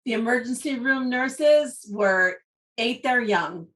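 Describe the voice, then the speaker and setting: A woman with a high, bright voice tells a story in an easy chat, laughing as she goes. She sits a little back from the microphone, so the sound is slightly distant. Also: takes it slowly. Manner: lively storyteller, often laughing mid-sentence. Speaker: podcast co-host.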